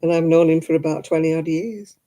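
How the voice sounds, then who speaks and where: A woman's voice: low-pitched, steady tone, fairly quick, dark tone, rough recording. A middle-aged woman, hosting a casual craft livestream, chatty and candid with frequent laughs. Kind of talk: casual live chat while knitting.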